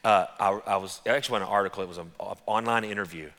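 A man preaching a sermon as pastor, telling stories in an animated, conversational way. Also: on the low side, racing, in a large hall.

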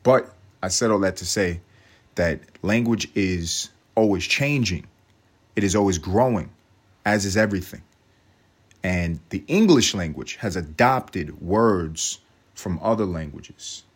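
A man's voice: low-pitched, expressive, measured pace, breathy edge. A man, from Harlem, hosting a podcast with a brash, profane, rambling comic monologue. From Harlem, New York. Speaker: podcast host. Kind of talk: comedic monologue.

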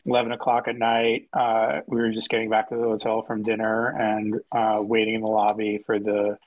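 A man's voice: on the low side, moderate pace, highs cut off. A man guesting on a podcast, telling a story in casual chat with plenty of fillers. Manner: relaxed anecdote-teller with many fillers.

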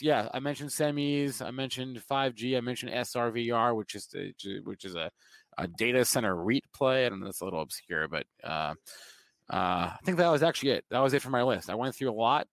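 A man with a New Jersey accent co-hosting a market show, rushing through his points and stumbling over repeated words. The sound is dry and close, with no room around it. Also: mid-range voice, fairly bright tone, dry recording. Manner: quick, stumbling restarts. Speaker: co-host. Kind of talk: fast casual market talk.

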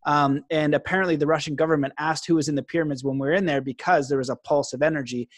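Rambling, excitable man host. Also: on the high side, quick pace, no echo, studio quality. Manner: rambling, enthusiastic, many fillers and restarts. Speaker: podcast host. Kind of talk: casual interview chat.

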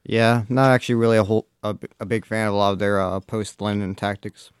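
A man with a smooth, resonant voice runs a casual podcast, hesitating with frequent uhs as he reads sports news. The sound is close and dry, with no room echo. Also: on the low side, flat delivery, fast. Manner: hesitant, many filler uhs. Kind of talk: casual chat.

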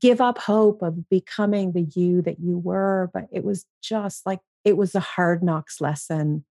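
Her pitch sits fairly low and her pace is measured, captured in clean studio sound without any room tone. This woman, a podcast guest, shares her history candidly in interview, profane throughout and animated when she quotes herself.

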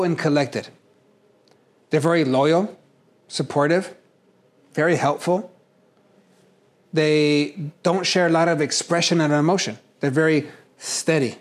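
A man teaching a casual workshop on personality types, talking in a conversational, animated way and acting out examples. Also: a little high.

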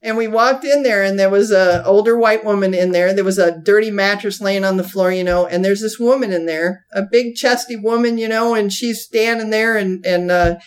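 Woman guest, folksy storyteller, mid-pitched, laughs through her lines. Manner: laughs through her story, breaks into high voices for quotes; folksy churchgoing talk. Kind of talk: animated storytelling chat.

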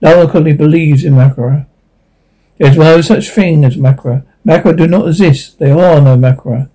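A man's voice: a little high, a little fast, warm tone, close to an everyday voice, rough recording. A man reading a cold, authoritarian colony controller who issues stiff orders. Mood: commanding. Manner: commanding, stiff.

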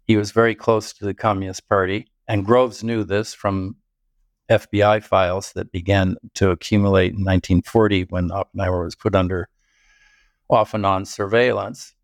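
The guest, an older biographer, answers interview questions with detailed, thoughtful storytelling and an occasional chuckle. His low voice shows little pitch movement and keeps a moderate pace. Studio sound is clean with no room sound.

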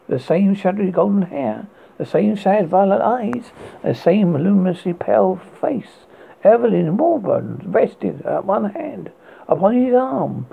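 Gravelly British man reading a ghost story. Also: high voice. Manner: measured, slow narration with stumbles. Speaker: horror podcast host. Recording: tinny phone-like audio.

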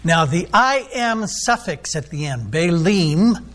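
A man's voice: fairly high pitch, animated, takes it slowly, a bit bright. A man preaching a sermon, teaching in a loose, rambling way with many ums and restarts.

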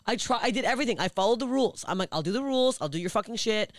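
A woman's voice: fairly high pitch, lively intonation, racing, no echo. A woman comedian from Canada telling heated, profane stories in a casual podcast chat. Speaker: guest comedian.

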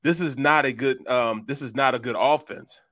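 A man co-hosting a casual sports talk show, an animated storyteller who repeats phrases for emphasis. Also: mid-range voice, moderate pace, no room sound, studio quality. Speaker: sports radio co-host.

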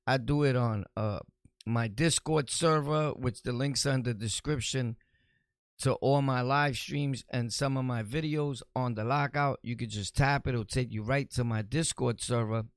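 A gravelly-voiced man talks straight to his listeners in a loose, rambling monologue, blunt and streetwise. His voice sits at an ordinary middle pitch. The sound is close and dry, with no room around it. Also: moderate pace, no room sound. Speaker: podcast host. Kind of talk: casual monologue answering comments.

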